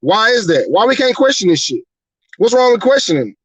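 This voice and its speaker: A man with a high-pitched voice tears into a heated, profane podcast rant. He hammers the same rhetorical questions over and over, recorded dry and close. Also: big pitch swings, a little fast, breathy edge, no room sound, poor audio. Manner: profane, rhetorical, repeating "you mean to tell me". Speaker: podcast host. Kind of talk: angry atheist rant on a live podcast.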